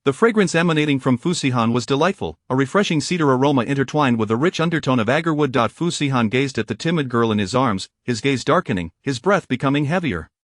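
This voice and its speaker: A man giving scripted audiobook narration of a romance story in an even, steady reading. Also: mid-range voice, quick pace, hardly any pauses, no room sound, clean studio sound.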